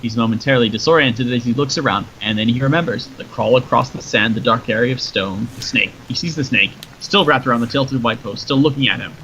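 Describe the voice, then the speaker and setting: A man reading a story aloud in a steady, descriptive narration, in a dull lo-fi recording with faint noise. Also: mid-range voice, quick pace, few pauses. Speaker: story reader.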